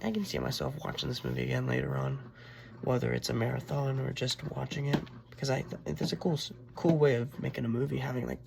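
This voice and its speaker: A young man with a hoarse voice from being sick, rambling through a casual movie review full of "like" and restarts. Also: medium pitch.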